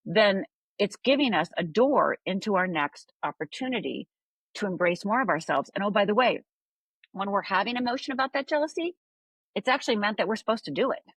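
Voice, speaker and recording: Husky woman telling a story animatedly. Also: mid-range voice, fairly quick, no echo. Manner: animated storytelling, often adds "right?". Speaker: life coach guest. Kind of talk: conversational podcast interview.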